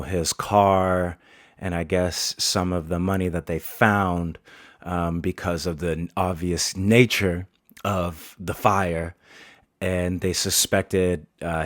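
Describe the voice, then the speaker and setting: A man's voice: low voice, no echo, clean studio sound. A man, a barber, telling a story casually, with lots of swearing and laughter.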